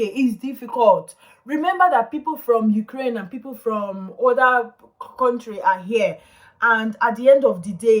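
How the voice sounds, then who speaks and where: A young Nigerian-accented woman lectures her viewers with emphatic, pointed conviction, now and then slipping into Pidgin. Her voice sits a little high, and soft music plays faintly behind her. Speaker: vlogger. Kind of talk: casual ranting to camera.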